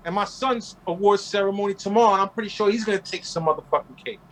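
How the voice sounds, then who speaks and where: Brash high-voiced man telling stories. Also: fast talker, a little hiss or hum, poor audio. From Queens, New York. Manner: brash, profane, animated. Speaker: guest. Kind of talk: casual interview storytelling.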